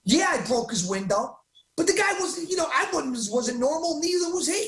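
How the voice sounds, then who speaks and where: Excitable man talking fast, roomy sound. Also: very high-pitched. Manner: excitable, rapid, emphatic, self-interrupting. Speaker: guest. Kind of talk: animated storytelling interview.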